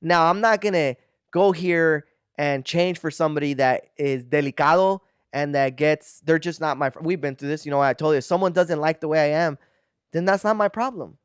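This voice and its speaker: A man co-hosting a casual podcast chat, talking in an animated, defensive way and dropping in Spanish words. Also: fairly high pitch, a little fast, clean tone, dry recording, studio quality. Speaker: podcast co-host. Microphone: podcast studio mic.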